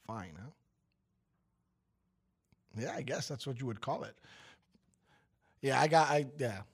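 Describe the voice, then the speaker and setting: A man's voice: medium pitch, slow, breathy edge. A man in his fifties, a co-host telling rambling stories in a wry, joking way before a sports rundown. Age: 50s. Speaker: radio show co-host. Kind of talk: casual chat and sports rundown.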